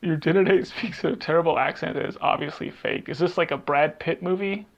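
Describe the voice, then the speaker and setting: A man co-hosting a relaxed podcast game, his voice full of gravelly fry. He rambles and thinks aloud, trailing off while he hunts for names he can't quite recall. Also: a little high, a little fast, highs cut off. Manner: rambling, searches aloud for half-remembered titles. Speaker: podcast co-host. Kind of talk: casual podcast chat, movie game.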